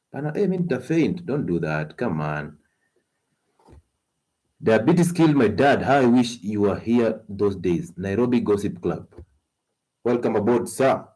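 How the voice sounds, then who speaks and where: A man with a Kenyan accent hosting a health talk stream, animated and coaxing, laughing often as he gives advice. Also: low voice. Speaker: health show host.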